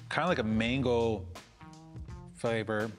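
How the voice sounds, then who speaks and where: A man chats as a guest in a loose, animated way. He laughs often, swears casually and tumbles through his points with restarts. His voice sits at a middle pitch. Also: measured pace, soft background music. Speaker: guest, comedian and organizer. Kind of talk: casual chat.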